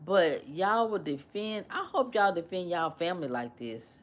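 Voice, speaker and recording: A woman hosting a casual livestream, animated and repetitive as she questions and mimics her commenters. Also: lowish voice, normal speed. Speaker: livestream host.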